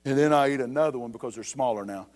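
A man's voice: mid-range voice, fast, a little mellow. A male pastor preaching a sermon, rising to emphatic calls, with repeated words and restarts.

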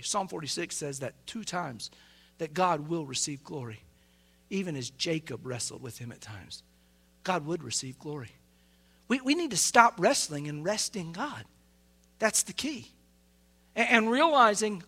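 A man preaching a fervent sermon as pastor, swinging between quiet asides and loud, raised bursts. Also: fairly high pitch, very animated, a little slow, pauses often, husky.

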